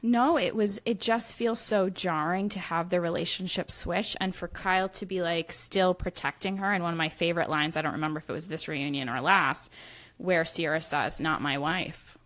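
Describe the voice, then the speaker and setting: A woman's voice: fairly low pitch, fairly even intonation, moderate pace, a bit bright. A woman guesting on a podcast, chatting casually and giving strong, emphatic opinions. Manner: emphatic, opinionated, self-described petty. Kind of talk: casual chat.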